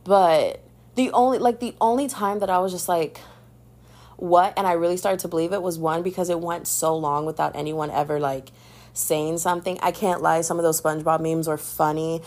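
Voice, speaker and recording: A young woman hosting a podcast, chatting in a sassy, animated way about pop culture and calling the listener "babes.". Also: fairly low pitch, normal speed. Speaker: podcast host. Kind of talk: casual pop-culture gossip commentary.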